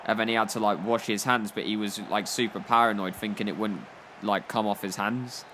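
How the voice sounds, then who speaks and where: A man's voice: lowish voice, fairly even intonation, brisk, bright, forceful tone, slight background noise. A young man commenting on his football game, spinning rambling, jokey stories full of "like". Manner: rambling, jokey storytelling with frequent "like". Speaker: gaming YouTuber. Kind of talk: comedic gameplay commentary.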